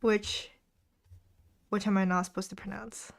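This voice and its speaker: A young woman chats casually on a live study stream, reading viewer comments aloud and laughing between them. Her voice sits at an ordinary middle pitch, and she keeps a loose, friendly chatter going. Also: level tone, a little slow, gravelly, pauses often. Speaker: livestream host. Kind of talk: casual chat with a live audience. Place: home desk during a study stream.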